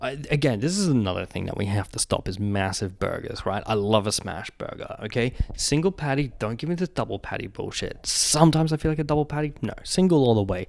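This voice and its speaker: A man's voice: medium pitch, expressive, brisk, vocal fry, dry recording, studio quality. Foul-mouthed joking young man. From Australia. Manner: profane, joking rants with frequent laughs. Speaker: vlogger. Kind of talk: casual chat.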